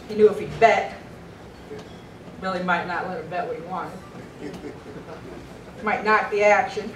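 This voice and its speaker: Middle-aged woman telling stories in an echoey hall. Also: medium pitch. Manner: storytelling, laughing often. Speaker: speaker honoring a late friend; women's pool tour board member. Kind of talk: memorial speech with anecdotes. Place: banquet hall at a dinner. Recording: echoey distant hall recording with background noise.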